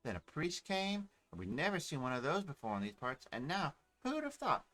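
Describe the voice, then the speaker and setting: A man's voice: fairly high pitch, huge pitch swings, a little fast, fairly bright tone, poor audio. A man voicing a proud, chatty young village woman who is the brother's sister.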